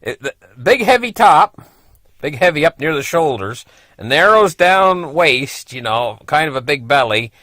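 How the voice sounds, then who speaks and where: A man's voice: on the high side, very animated, unhurried, pushed and bright, no echo. A middle-aged man casually telling a personal story, rambling along with lots of "you know" and frequent chuckles.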